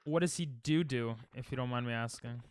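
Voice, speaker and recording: A man's voice: medium pitch, brisk, a little hiss or hum. A young man streaming a speedrun at home, rambling and joking with his chat as he plays. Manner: rambling, joking, talks to chat while playing. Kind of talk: casual live-stream chat while speedrunning.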